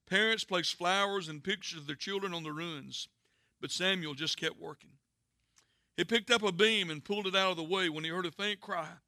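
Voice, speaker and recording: A man preaching a sermon, telling a story earnestly with dramatic pauses and hushed endings. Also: sits high, dry recording, studio quality. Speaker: pastor.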